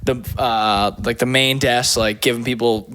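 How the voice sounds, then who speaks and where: A male comedian guest in casual chat, chiming in with quick jokes and backing the host up. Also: mid-range voice, steady tone, fairly bright tone. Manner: joking, chiming in with quick quips.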